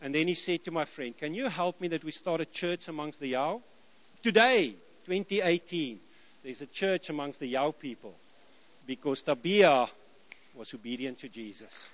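A middle-aged South African man preaching, telling lively stories and acting out the dialogue. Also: a little high, moderate pace. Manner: lively anecdotal, acts out dialogue, chuckles. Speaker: missionary preacher. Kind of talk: sermon storytelling.

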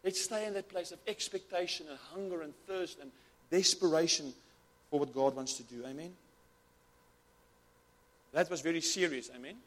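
A man's voice: a little high, moderate pace, pauses often. A man preaching a sermon with fervent, repetitive delivery, often restarting his words. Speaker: pastor.

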